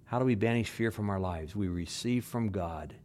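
A man preaching a sermon, repeating phrases for emphasis and swinging between loud stresses and hushed words. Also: on the low side, moderate pace. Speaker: pastor.

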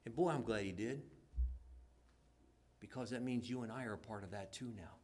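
A man preaching a sermon and leading a prayer, swinging from loud, emphatic lines to soft, near-whispered ones and acting out quoted speech. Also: fairly low pitch, moderate pace. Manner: acts out quoted lines in voices. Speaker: pastor.

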